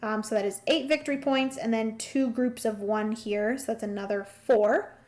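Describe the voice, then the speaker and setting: A young woman with a voice on the high side streams herself playing a solo board game, speaking at a normal pace in a steady tone. She chats with viewers, thinks her moves through out loud, and greets the chat warmly.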